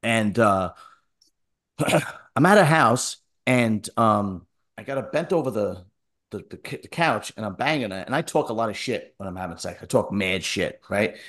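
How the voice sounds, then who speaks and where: A man's voice: lowish voice, a bit bright. A man telling a rambling crude story in casual chat, checking in with "right?" as he goes.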